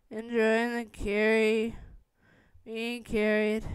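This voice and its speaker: A woman reading a fan story aloud in a halting, rambling way. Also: on the high side, monotone, a little mellow, clean tone, no echo. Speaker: fan fiction reader.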